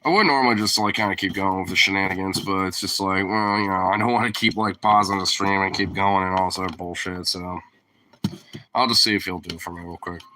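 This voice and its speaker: A man's voice: low voice, fairly even intonation, fast, sharp tone, a little hiss or hum. A man livestreaming in a casual, rambling way, swearing often and leaning on fillers, with a sniffly nose. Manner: rambling and profane, heavy on fillers. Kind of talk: casual stream chat.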